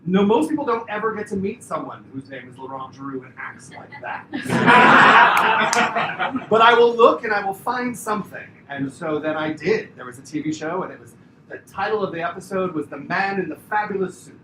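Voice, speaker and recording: A middle-aged man, a former talent agent, telling an animated, laughing story as a memorial tribute, with a lot of filler "like"s and self-corrections. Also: sits high, normal speed. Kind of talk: anecdotal eulogy storytelling. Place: indoor memorial gathering. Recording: distant mic in a reverberant room with noise.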